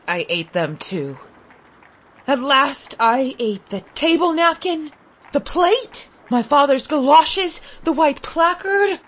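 A woman giving a dramatic reading of a classic short story, moving from loud cries to hushed whispers. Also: high voice, breathy edge. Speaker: reader.

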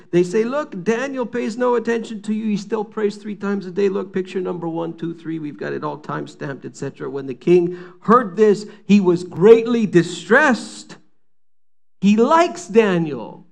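A man's voice: sits high, creaky. A man preaching a sermon, retelling a scripture story in a casual, storytelling way and acting out the quoted lines. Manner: storytelling, acts out the quotes with rising intensity.

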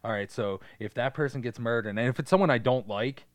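A man co-hosting a podcast, chatting casually and crudely about a movie and acting out lines in loud joke voices. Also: medium pitch, fast, no echo. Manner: profane, jokey, acts out lines in loud voices. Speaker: podcast co-host.

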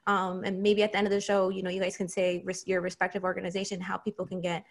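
Woman host, casual chat, mid pitch, rambling. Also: completely flat delivery, fast. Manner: rambling, many fillers and restarts. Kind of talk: casual conversation.

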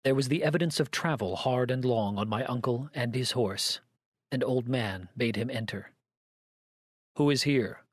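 A man narrating a story in a measured, even scripted reading. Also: medium pitch, breathy edge, no room sound, clean studio sound.

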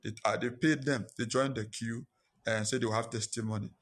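A man's voice: medium pitch, steady tone, brisk, fairly bright tone. A man preaching a sermon, telling a personal story and repeating his lines for emphasis.

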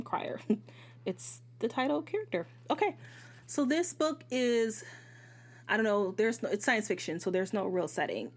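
A woman hosting a podcast, giving a casual, candid book review. She swears freely and often jumps into asides and corrects herself. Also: medium pitch. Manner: animated, jumps between asides and self-corrections. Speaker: podcast host reviewing books.

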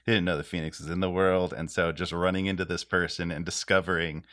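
Low-voiced guy with a bright edge, thinking out loud, laughs mid-sentence. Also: little pitch movement, fast talker. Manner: reflective, laughs while talking. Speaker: podcast co-host and player. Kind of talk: casual chat.

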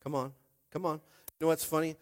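An animated male pastor delivers a sermon, shifting from hushed, confiding tones to shouting and acting out small scenes. His voice is slightly high and he talks fast.

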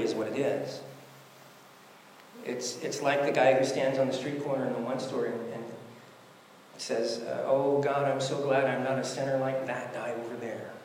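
Working his way through scripture, a male pastor preaches conversationally and keeps asking rhetorical questions. He has a mid-range voice, captured in an echoey hall with long reverb and a bit of hiss or hum.

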